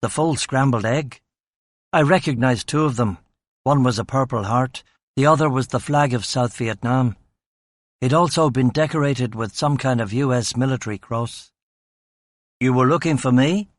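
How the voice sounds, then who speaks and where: A man's voice: mid-range voice, normal speed, no echo. A man narrating a crime novel in first person, with a dry, sardonic delivery. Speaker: audiobook narrator.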